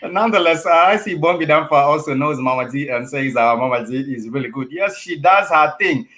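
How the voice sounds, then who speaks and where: Fast-talking rambling male host. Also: on the high side, expressive, a bit bright. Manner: rambling, many fillers. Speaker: talk show host. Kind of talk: studio interview. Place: studio.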